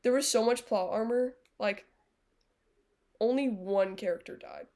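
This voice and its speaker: A woman's voice: a little high, a little slow, mellow. A young adult woman live-streaming, chatting casually with viewers in a blunt, sarcastic way, swearing freely. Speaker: livestreamer.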